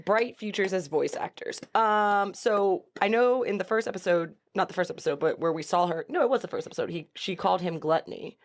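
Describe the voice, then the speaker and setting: A woman's voice: on the low side, brisk, hardly any pauses. A woman co-hosting an anime reaction video, chatting casually and exclaiming at what she watches. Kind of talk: casual chat.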